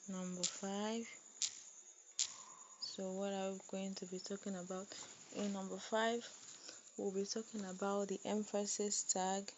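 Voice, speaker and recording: A woman teaching a coding tutorial, dictating slowly as she types and repeating phrases. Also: mid-range voice, level tone, lo-fi sound, background noise. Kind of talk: screen-recorded coding tutorial.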